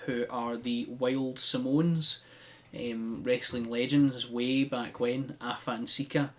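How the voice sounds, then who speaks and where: In a fairly bright, medium-pitched voice, a chatty man co-hosting a podcast recaps a wrestling show. He keeps it casual, with frequent "um" and "like" as he tells the story.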